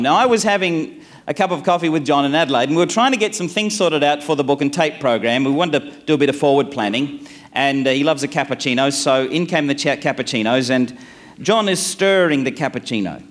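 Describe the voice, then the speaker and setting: Animated man telling a story. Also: on the high side, fairly quick. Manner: animated, playful storyteller who acts out dialogue. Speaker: motivational speaker. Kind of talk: storytelling conference talk. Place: live conference presentation.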